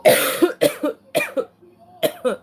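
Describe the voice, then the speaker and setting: A woman telling her story casually to a handheld camera, rambling with frequent "you know" and freely swearing. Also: drawn-out words. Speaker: vlogger sharing her life story. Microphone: handheld camera at arm's length.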